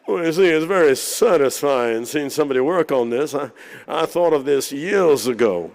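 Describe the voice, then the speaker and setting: A man's voice: fairly high pitch, animated, normal speed, darkish tone. A man imitating an elderly male surgeon with a drawling, self-satisfied manner, as part of a story told to a conference audience. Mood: smug.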